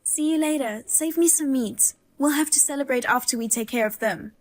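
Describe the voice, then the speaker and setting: A woman voicing a high-voiced, fierce pregnant young wife. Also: moderate pace, close to an everyday voice. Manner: wry, indignant, grimly humorous. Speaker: pregnant daughter-in-law. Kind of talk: dramatized story voice-over.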